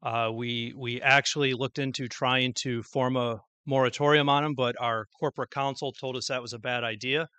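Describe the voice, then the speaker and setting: A man's voice: medium pitch, steady tone, moderate pace, few pauses, sharp tone, clean tone, dry recording. A man giving a formal public address as mayor, telling a story with small slips. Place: public event with an audience.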